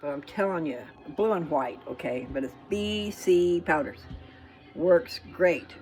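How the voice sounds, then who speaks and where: A woman's voice: fairly low pitch, expressive, unhurried, darkish tone, faint music behind, poor audio. A woman vlogger in her kitchen, talking casually and folksily to her viewers and often checking in with "okay?".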